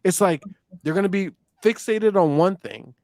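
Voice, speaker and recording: A man's voice: sits high, normal speed, darkish tone, dry recording, studio quality. A young man co-hosting a casual chat podcast, talking in a laid-back, rambling way with lots of fillers and restarts. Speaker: podcast co-host.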